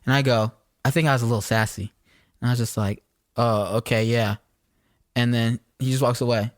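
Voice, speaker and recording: A man's voice: mid-range voice, fast talker, no echo, clean studio sound. A young man, co-hosting a podcast and telling casual stories with lots of swearing. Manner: swearing, animated storyteller. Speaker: podcast co-host. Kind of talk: casual storytelling chat.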